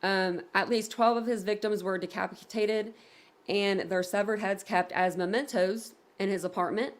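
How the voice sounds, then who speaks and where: A woman's voice: medium pitch, moderate pace. A woman hosting a casual livestream, talking in a rambling way with many fillers and reading viewer comments aloud. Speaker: livestream host reading chat.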